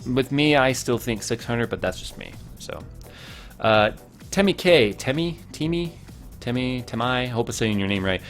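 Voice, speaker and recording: A man's voice: mid-range voice, lively intonation, normal speed, fairly bright tone, faint music behind. A man hosting a casual tech live stream, chatty and rambling, who reads viewers' comments aloud. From Massachusetts, United States.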